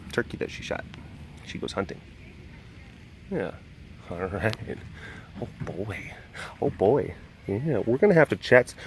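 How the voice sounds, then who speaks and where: A man vlogging outdoors by animal enclosures, telling stories with a laugh and then talking softly to calm a big cat. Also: lowish voice, slight background noise. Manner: rambling, laughing storyteller who shifts to hushed coaxing talk with a big cat. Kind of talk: casual vlog chat.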